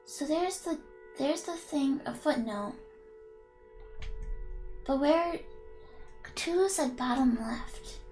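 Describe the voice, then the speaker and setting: A woman's voice: sits high, expressive, slow, pauses often, darkish tone, faint music behind. A woman streaming a game, reading its text aloud and chatting playfully with her viewers, giggling as she goes.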